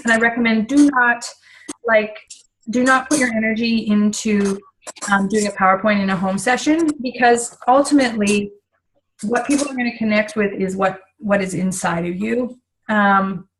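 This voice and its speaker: Middle-aged woman, casual trainer, chatty with lots of fillers, mid-pitched voice. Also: a little hiss or hum, rough recording. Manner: chatty, many fillers and asides. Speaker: essential oils business trainer.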